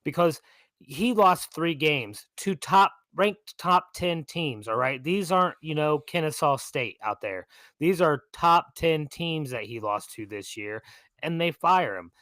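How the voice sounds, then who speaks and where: A man's voice: fairly high pitch, expressive, unhurried, a bit bright, no room sound. A man co-hosting a sports podcast, ranting in an insistent way. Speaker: podcast co-host. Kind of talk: casual sports talk.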